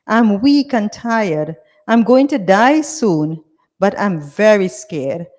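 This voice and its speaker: A woman's voice: mid-range voice, animated, slow, a little mellow. Frail dying mother, as a woman narrator voices her. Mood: pleading. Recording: reverberant hall.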